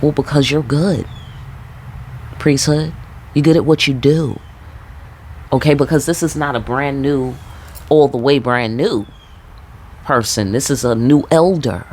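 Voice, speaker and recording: A woman's voice: a bass voice, unhurried, pauses often, a little mellow, slight background noise. A woman with a New York accent reading tarot and talking casually to viewers, laid back, blunt and profane. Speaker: tarot reader. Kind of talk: casual spiritual talk to viewers.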